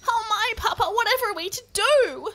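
Whiny high mama koala. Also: female voice, animated, brisk, a bit bright. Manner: whining, cooing. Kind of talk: storybook reading.

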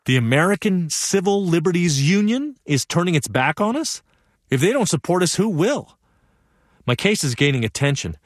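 A young man performing a one-man theatrical monologue, narrating with vivid, animated storytelling. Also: high-pitched, moderate pace, no room sound, clean studio sound. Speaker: solo stage performer and narrator.

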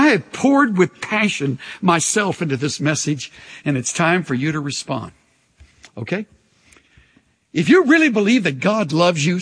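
An older male pastor with a husky, high-pitched voice preaches slowly and with feeling. His delivery swoops up and down as he leads the crowd in repeated lines. The sound carries a long reverb from a large church hall. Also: fairly bright tone. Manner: impassioned preaching, sings old hymn lines, leads call-and-response. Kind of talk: sermon with altar call.

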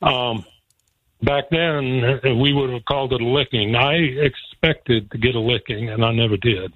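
A man's voice: mid-range voice, moderate pace. A man recounts a childhood story, chuckling as he goes and growing emotional. The sound is thin and tinny, like a phone call. There is no room echo at all. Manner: warm, laughs often while telling, gets emotional. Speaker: guest telling a life story. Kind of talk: casual storytelling. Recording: dry, phone-like line.

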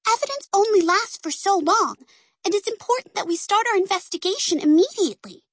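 A woman's voice: extremely high pitch, lively intonation, a little fast, no room sound, voice pushed up. A woman doing an urgent young girl detective. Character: earnest, determined young girl spy.

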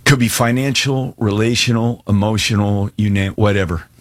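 A man's voice: lowish voice, fairly even intonation, moderate pace, no echo. A male pastor giving an earnest, conversational sermon and altar call, with casual slang.

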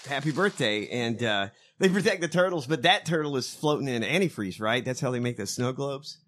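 A man's voice: medium pitch, a little fast. A man co-hosting a podcast, chatting casually and profanely about politics. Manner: animated, profane, laughs often. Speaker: podcast co-host.

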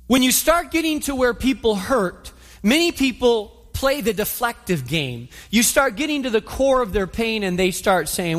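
A male pastor preaching a sermon, telling the story vividly and acting out the scene. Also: high voice. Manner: animated storytelling, acts out the scene. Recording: long hall reverb.

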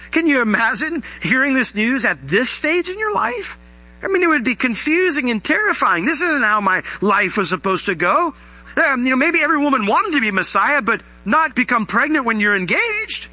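A male pastor delivering a sermon, teaching verse by verse and asking the congregation questions. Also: low-quality recording. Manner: animated preaching, rising pitch on questions.

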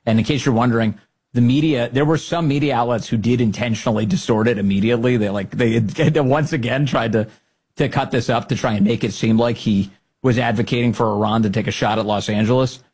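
A man hosting a political podcast, mocking and animated, often laughing at what he plays. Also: medium pitch, fairly quick, husky. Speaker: podcast host. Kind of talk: political commentary.

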